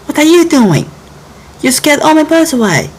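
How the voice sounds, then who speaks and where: A woman's voice: wildly swooping pitch, normal speed, a little hiss or hum. A narrator voicing Jelly, a gum tree girl, in a homemade storybook reading. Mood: furious. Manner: high shrill yelling. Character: girl gum tree, sweet but quick to anger.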